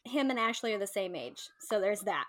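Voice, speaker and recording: A woman's voice: mid-range voice, animated, a little fast, fairly bright tone. A woman co-hosting a casual podcast chat, talking loosely and laughing easily. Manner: chatty, laughing, swearing casually. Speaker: podcast co-host.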